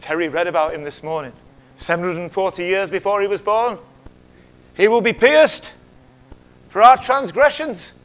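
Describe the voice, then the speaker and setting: A middle-aged man with a high voice preaches a sermon in church. He talks in a conversational way and puts questions to the congregation. He drops to hushed whispers and then rises to loud, sharp exclamations. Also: normal speed, long pauses. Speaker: pastor.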